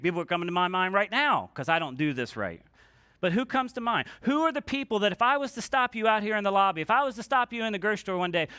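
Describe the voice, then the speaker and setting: A man with a high voice preaches a sermon in a church, talking casually and slipping into little voices for the people in his stories. The sound is dry and close. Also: bright, forceful tone, no room sound. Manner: conversational, acts out quoted voices, asks the congregation to repeat lines. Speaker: pastor. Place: church sanctuary.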